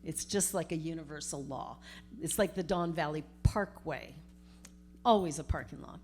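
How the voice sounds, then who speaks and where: Woman, middle-aged, storytelling sermon, chatty and animated, low pitch. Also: normal speed, faint music behind. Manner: conversational, animated retelling with acted-out quotes. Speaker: minister.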